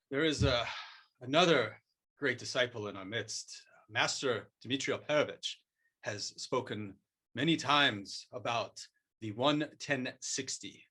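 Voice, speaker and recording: A man playing a self-styled martial arts master in an improvised comic bit, speaking in a measured, mock-solemn tone. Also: medium pitch, pushed and bright, breathy edge, exaggerated voice. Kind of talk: improvised comic role-play.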